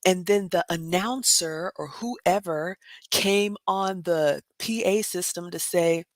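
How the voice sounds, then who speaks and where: A middle-aged woman from the American South with a Southern accent, telling a story to her vlog viewers in a chatty, animated way. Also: lowish voice, slow, no echo. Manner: chatty and animated, addresses viewers as "y'all", laughs often. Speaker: vlogger.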